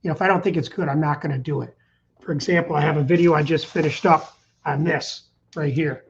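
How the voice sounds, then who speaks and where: A man's voice: a little high, fairly even intonation, fairly quick, creaky, muffled recording, very noisy. A middle-aged man hosting a casual live stream, rambling in an upbeat way and reading out viewer comments. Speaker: channel host. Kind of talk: casual livestream chat.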